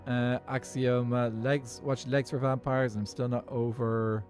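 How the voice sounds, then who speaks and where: A man's voice: medium pitch, flat delivery, measured pace, a little mellow, faint music behind. An Irish man streaming a game, chatting casually and thinking aloud to his viewers in a rambling way. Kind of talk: casual live-stream chat while gaming.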